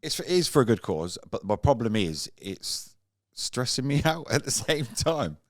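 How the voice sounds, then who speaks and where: A man's voice: medium pitch, sing-song, normal speed, no room sound, studio quality. A man co-hosting a podcast, easygoing and chatty. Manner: easygoing, laughs while talking. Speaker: podcast co-host. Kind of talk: casual chat. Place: podcast studio.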